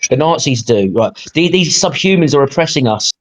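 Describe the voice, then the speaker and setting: A man's voice: medium pitch, lively intonation, brisk, low-quality recording. A man hosting, reacting to a clip with exasperated, sarcastic rants and frequent swearing. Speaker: podcast host. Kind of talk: heated reaction commentary.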